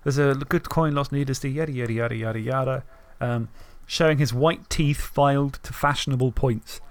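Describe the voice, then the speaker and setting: A man's voice: medium pitch, moderate pace, dry recording. A man co-hosting a podcast, chatting eagerly about a fantasy novel, reading lines aloud and often restarting his sentences. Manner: enthusiastic, reads passages aloud, restarts often. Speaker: podcast co-host. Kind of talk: casual book discussion.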